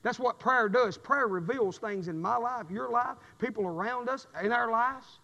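A man preaching a sermon with a fervent, repetitive cadence, swinging from shouts to low, intense passages. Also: moderate pace, creaky. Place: church sanctuary. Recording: dull recording with long hall reverb.

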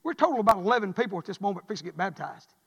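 Male preacher, high tenor, rises to shouts, calls for amens, long church reverb. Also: lively intonation, racing, creaky, slightly rough, lo-fi sound. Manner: builds from quiet to shouting, call-and-response. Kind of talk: revival sermon.

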